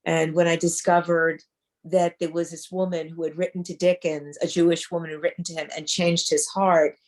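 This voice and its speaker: Casting: woman author, low-ish voice, earnest and reflective, video call. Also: flat delivery, fairly quick. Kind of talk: casual chat.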